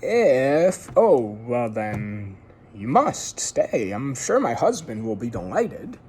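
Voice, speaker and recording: A man's voice: very animated, slow pace, darkish tone, a little hiss or hum. A man voicing a polite but insistent middle-aged hostess who coaxes a guest to stay. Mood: coaxing. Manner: pleading, high-pitched coaxing.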